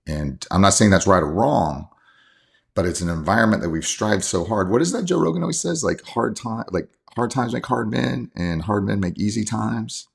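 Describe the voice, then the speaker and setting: Low gravelly man, husky voice. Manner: earnest, heartfelt, rambling with restarts. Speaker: coach and father, podcast guest. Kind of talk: casual interview conversation.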